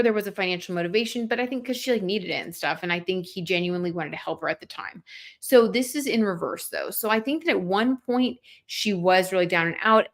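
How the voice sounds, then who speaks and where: Hosting a livestream tarot reading, this young woman speaks in a mid-range, fairly bright voice. Her talk is casual, peppered with "like," as she reads out comments from viewers.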